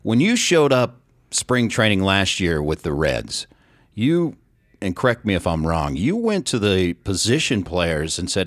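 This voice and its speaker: This middle-aged man hosts a sports podcast and works as a sports reporter, conducting an interview with eager questions and acted-out quotes. His voice sits low with big pitch swings at a measured pace, and the sound is clean studio audio with no room noise.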